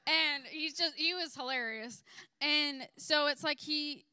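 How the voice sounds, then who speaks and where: A woman's voice: sits high, takes it slowly, no room sound. A young woman giving a casual church testimony, telling a story with lots of "like" and quoting people in different voices. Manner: animated storytelling with quoted voices and many "like"s.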